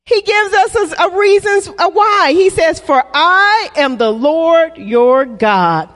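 A woman preacher giving a sermon in a church, using call-and-response and drawn-out, emphatic phrasing. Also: very high voice, lively intonation, fairly bright tone. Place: church sanctuary. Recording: long reverb of a hall.

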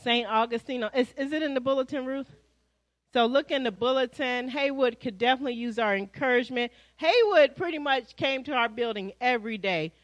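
A woman pastor with an American accent giving lively, chatty church announcements to her congregation, calling them y'all. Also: sits high, a little fast, no echo, muffled recording. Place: church sanctuary.

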